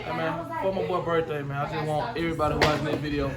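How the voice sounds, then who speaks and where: A man giving a hype, slangy shout-out for a friend's birthday. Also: a little high, level tone, fast talker, heavy background noise. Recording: roomy, far from mic, loud crowd.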